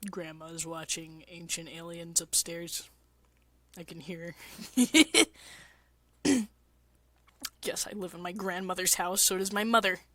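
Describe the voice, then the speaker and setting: A woman's voice: fairly low pitch, flat delivery, unhurried, long pauses, pushed and bright. A woman with a congested, mucusy throat, chatting casually on a stream, crude and rambling. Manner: crude, swears often, rambling with fillers. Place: basement apartment.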